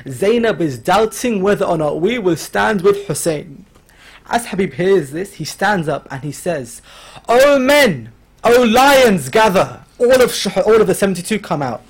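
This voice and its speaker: High-voiced man preaching a mourning sermon. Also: slightly rough. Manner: storytelling, quoting figures with rising emotional intensity. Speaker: religious speaker. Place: lecture hall.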